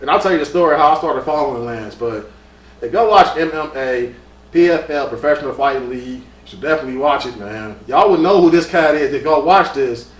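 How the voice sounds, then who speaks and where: A man co-hosting a casual podcast interview in someone's home, excitable, often acting out what others said. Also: fairly high pitch, a little fast, far from the mic. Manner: excitable, animated, acts out quoted dialogue. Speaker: podcast co-host. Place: guest's home. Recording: roomy echo, off-mic, faint background hum.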